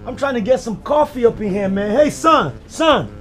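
A man's voice: high-pitched, animated, moderate pace, soft background music. An actor playing a man who puts on a brash New York slang voice, ending every line with "man", in a sitcom. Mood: irritated. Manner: drawls American street slang, "man" after every line. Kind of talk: sitcom acting.

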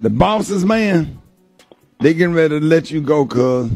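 A man hosts a morning radio show from the studio, steering callers and playing the straight man. His voice is pitched a little high with a gravelly edge. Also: expressive, unhurried, darkish tone, faint music behind. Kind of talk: comic radio banter.

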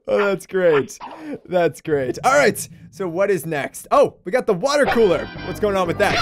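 Over background music, a man with a high voice at a moderate pace hosts a gaming video. His let's-play commentary is casual and excitable, with frequent laughs and surprised exclamations.

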